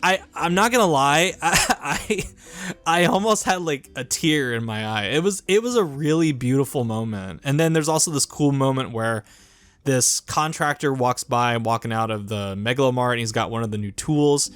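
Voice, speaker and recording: A man's voice: mid-range voice, normal speed, fairly bright tone, no echo. A man giving a casual, earnest video review, talking in a rambling way with restarts and "like" fillers. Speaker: YouTube reviewer.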